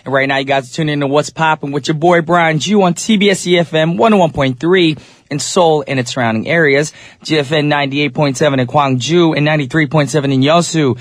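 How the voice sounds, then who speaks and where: A man hosting a live radio show from the studio, chatting upbeat with listeners while a little sick, his voice deeper than usual. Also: fast, dry recording.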